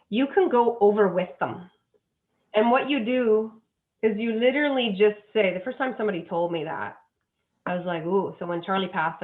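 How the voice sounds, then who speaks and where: A woman, a dog psychic guest, talking earnestly and effusively with many restarts. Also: on the low side. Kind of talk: emotional interview talk. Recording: tinny phone line.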